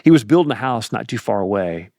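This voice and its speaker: A middle-aged pastor telling a personal story in a folksy, animated way on a podcast. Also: male voice, lowish voice, fast talker, creaky, dry recording, clean studio sound. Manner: animated, folksy, laughs through anecdotes. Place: podcast studio.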